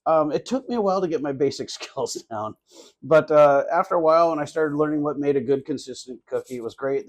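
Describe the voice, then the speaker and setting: A man talking casually as a guest on a local talk show, rambling with many fillers and restarts. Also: a little high. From California. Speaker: guest, cookie business owner. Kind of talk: casual interview chat.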